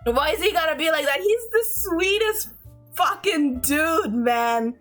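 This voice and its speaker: A woman's voice: extremely high pitch, expressive, unhurried, a bit bright, faint music behind. A woman streamer chatting casually with her viewers, gushing, giggling often and swearing freely, with frequent restarts.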